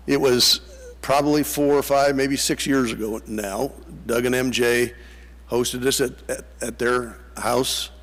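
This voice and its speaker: An older man gives a reflective memorial tribute at an unhurried pace. His voice is mid-pitched. The sound rings with the long reverb of a church sanctuary. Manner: reflective, unhurried, repeats key words. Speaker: eulogy speaker.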